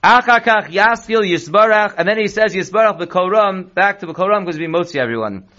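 A rabbi teaching a text-based Torah class, reading Hebrew and Aramaic slowly, then explaining it quickly in English. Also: male voice, high voice, expressive, bright, forceful tone. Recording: dull lo-fi recording.

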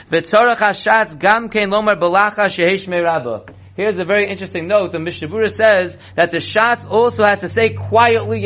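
High-voiced rabbi teaching a text class. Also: male voice, fairly bright tone. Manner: reads Hebrew and Aramaic slowly, then explains quickly in English. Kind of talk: text-based Torah class. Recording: dull lo-fi recording.

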